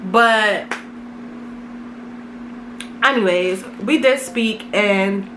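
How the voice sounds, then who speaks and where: A young woman vlogger telling a casual storytime, animated and dramatic, full of slang. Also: mid-range voice, very slow, a little hiss or hum.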